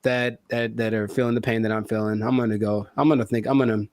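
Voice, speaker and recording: A man co-hosting a podcast in casual chat, rambling, letting his sentences trail off quietly, then getting worked up. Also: on the low side, little pitch movement, quick pace. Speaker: podcast co-host.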